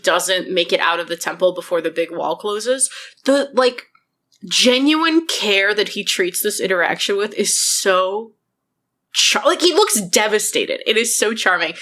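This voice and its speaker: A woman co-hosts a casual podcast chat, animated and quick to swear and laugh. Her voice has a bright, forceful edge. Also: mid-range voice. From Buffalo, New York. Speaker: podcast co-host.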